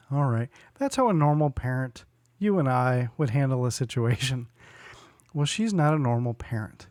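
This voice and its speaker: A man in his forties tells a long story on a podcast, slightly higher-pitched than most men. He acts out other people's lines and laughs as he goes. His voice sits close and dry on the mic. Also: no room sound. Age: 40s. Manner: animated storyteller who acts out quotes and laughs often. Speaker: podcast co-host. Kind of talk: casual storytelling chat.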